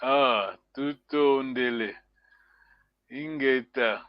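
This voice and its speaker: A man teaching a language lesson over a video call, patiently repeating words slowly and chuckling often. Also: medium pitch, no echo, dull audio. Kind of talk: live online language lesson.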